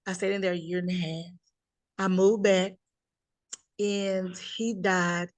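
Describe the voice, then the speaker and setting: A woman's voice: on the low side, level tone, a little slow, no echo. A middle-aged woman tells her story in an interview with emphatic delivery. She acts out the people she quotes. The recording is dry and close. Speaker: guest telling her life story. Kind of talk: conversational interview.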